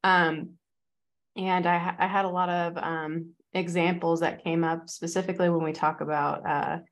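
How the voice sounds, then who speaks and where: A woman's voice: on the low side, flat delivery, normal speed. A woman fitness coach in casual podcast chat, talking loosely with many fillers and acting out quoted voices.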